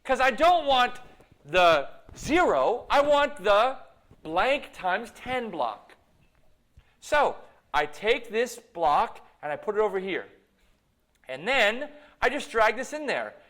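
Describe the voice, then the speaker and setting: A man's voice: high voice, sing-song, slow pace, a bit bright. A man giving a live university lecture while demonstrating code, playful and self-mocking in his asides. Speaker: computer science lecturer. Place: lecture hall.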